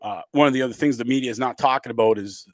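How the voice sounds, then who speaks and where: A middle-aged Canadian comedian rants angrily to camera in a profane political tirade, swearing freely. His medium-pitched voice comes rapid-fire and emphatic, with no echo.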